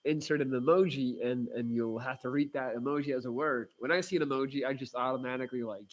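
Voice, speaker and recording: A man's voice: medium pitch, steady tone, fast talker. A man hosting a casual livestream, chatting with viewers in a rambling, blunt way with lots of fillers and restarts. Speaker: livestream host reading viewer comments.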